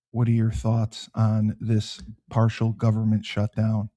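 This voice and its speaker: Slow, dark-voiced deadpan male host. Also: no room sound. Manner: low put-on menacing tone, deadpan; reads news headlines aloud. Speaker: talk show host. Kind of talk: comedic political talk show.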